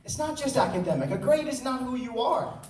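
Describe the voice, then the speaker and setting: Brisk and animated, a teenage boy with a very high, slightly mellow voice tells stories with joking asides in an earnest personal talk as a student speaker. He's in a large hall with an audience; the distant mic picks up roomy sound and a little hiss or hum.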